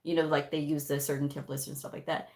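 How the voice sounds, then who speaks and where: A middle-aged medical coder chats casually on a live stream, answering viewer questions emphatically and talkatively, with frequent "you know"s and laughs. Her deep voice is a little mellow, with little pitch movement, and she talks fast.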